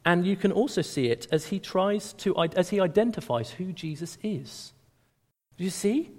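A man preaching a sermon to a gathering, speaking with animated emphasis and raising his voice on quoted lines. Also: high-pitched, moderate pace. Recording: reverberant hall.

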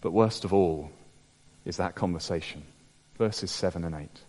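A man preaching a sermon, dropping to hushed low tones and rising to emphatic peaks. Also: normal speed. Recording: long reverb of a large hall.

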